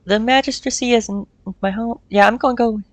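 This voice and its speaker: A woman streamer chatting casually while playing a game, excitable and swearing freely. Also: a little high, fairly quick, no echo. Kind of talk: casual gameplay chat. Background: faint game music.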